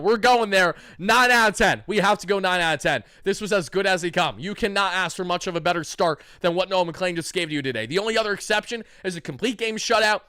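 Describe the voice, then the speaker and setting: A man's voice: high-pitched, gravelly, sharp tone, dry recording, clean studio sound. A brash young man hosting fan reaction commentary on a sports channel, hyped and trash-talking. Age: young adult.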